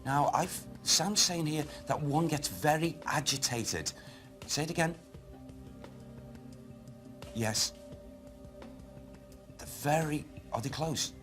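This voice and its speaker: A man working as a medium on a ghost hunt, speaking haltingly and addressing unseen spirits. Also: fairly high pitch, music in the background. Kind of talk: psychic reading on a ghost hunt. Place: dark old historic building, indoors.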